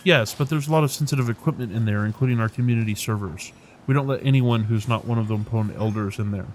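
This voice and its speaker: A man's voice: medium pitch, quick pace, a little hiss or hum, close to an everyday voice. A man voicing a cautious, firm male community elder in a video game. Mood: wary.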